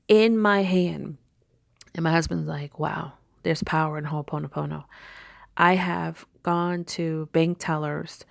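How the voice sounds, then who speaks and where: Spiritual teacher, woman, low gravelly tone, chatty storyteller, dry close sound. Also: darkish tone, no room sound. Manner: chatty storytelling with filler words. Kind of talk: casual spiritual talk.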